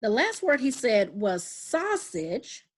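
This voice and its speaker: A woman's voice: on the high side, very animated, takes it slowly, slightly rough. A woman teacher answering questions in a grammar lesson for children, thinking aloud and correcting herself. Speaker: elementary school teacher.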